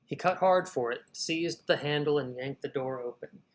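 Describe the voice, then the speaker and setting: A man's voice: fairly high pitch, moderate pace, low-quality recording. A man reading his own novel draft aloud, stopping often to rethink wording and talk himself through edits. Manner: reads prose, then stops to rethink and edit wording aloud; talks to himself while editing. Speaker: fiction writer. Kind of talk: reading a draft novel aloud during a live writing session.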